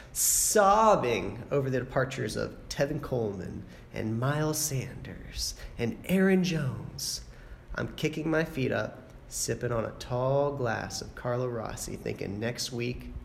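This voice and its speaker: A cocky man trash-talks in a mock radio broadcast, bragging through a gravelly, creaky voice. The recording is poor, with faint background noise and ambience under it. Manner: cocky, boastful, trash-talking. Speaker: rival league member. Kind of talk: mock radio show taunt. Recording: low-quality noisy recording.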